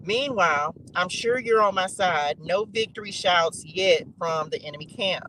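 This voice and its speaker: Reading psalms to his live chat, this online faith streamer repeats phrases emphatically and drops in casual asides. He has a high, sharp-toned voice at a moderate pace, captured in a rough recording with slight background noise.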